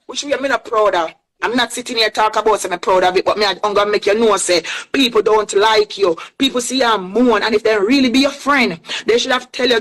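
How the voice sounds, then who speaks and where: A woman's voice: fairly high pitch, a little fast, few pauses, fairly bright tone, low-quality recording. A woman from Clarendon with a Jamaican accent, delivering a heated, defiant social media rant and repeating herself for emphasis. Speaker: accused woman responding.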